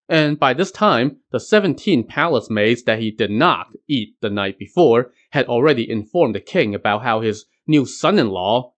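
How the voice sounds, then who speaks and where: Wry male storyteller, lively pitch. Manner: wry, conversational asides. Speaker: podcast host. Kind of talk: storytelling narration.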